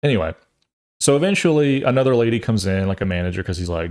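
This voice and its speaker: A man's voice: fairly low pitch, a little fast, darkish tone. A man in his thirties, a podcast host, telling a long rambling story in a casual way and acting out the voices of other people as he goes.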